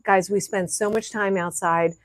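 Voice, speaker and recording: A woman's voice: medium pitch, fairly even intonation, normal speed, no room sound. A woman chatting casually as a cruise vlogger, teasing her partner and given to exclamations. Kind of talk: casual chat.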